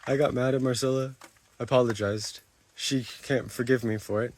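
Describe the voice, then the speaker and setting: A man's voice: mid-range voice, steady tone, moderate pace, darkish tone. A man livestreaming to his chat, talking defensively, repeating himself and swearing.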